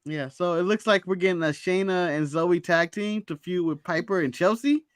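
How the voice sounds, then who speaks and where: An American man co-hosting a podcast, chatting casually about wrestling, laughing often and slipping into quick playful mock voices. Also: high voice, clear, resonant tone, dry recording, studio quality. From United States. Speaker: podcast co-host. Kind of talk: casual wrestling recap chat.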